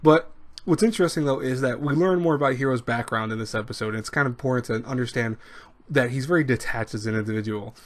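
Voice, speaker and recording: A young man casually reviewing an anime episode, rambling and animated, with many restarts and fillers. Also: medium pitch, fast talker.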